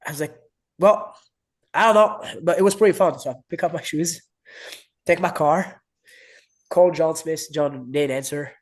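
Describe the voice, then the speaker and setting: A French-accented man in his thirties tells a story in casual, slightly broken English. His voice sits a bit high. He jumps up in pitch to act out the people he quotes. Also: steady tone, moderate pace, darkish tone. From France. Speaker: wrestling coach, guest.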